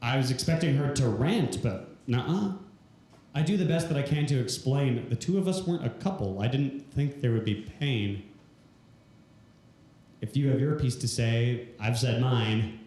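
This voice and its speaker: Comic telling a story in rhyme, roomy echo. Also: male voice, mid-range voice, lively intonation, moderate pace, a little mellow. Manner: delivers story in rhymed verse. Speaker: stand-up comedian. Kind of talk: rhyming stand-up comedy. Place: live comedy venue stage. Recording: echoey live venue room.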